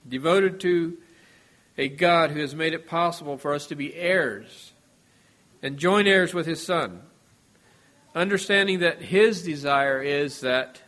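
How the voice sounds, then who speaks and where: A man preaching a sermon in a measured, earnest way, his voice dropping softly at the ends of phrases. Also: fairly high pitch.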